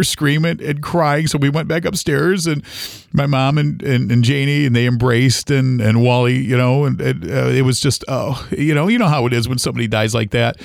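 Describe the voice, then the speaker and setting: Podcast host, middle-aged, from Ohio, personal story told haltingly, dry close sound. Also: male voice, mid-range voice, gravelly, no echo. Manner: halting, emotional retelling with many restarts.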